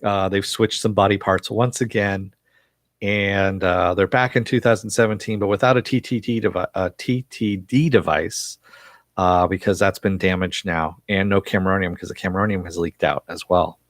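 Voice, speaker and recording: A man's voice: low-pitched, fairly even intonation, normal speed, no room sound, clean studio sound. A man casually recapping a TV episode for viewers, rambling with frequent fillers and chuckles. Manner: reads viewer chat aloud. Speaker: TV episode reviewer.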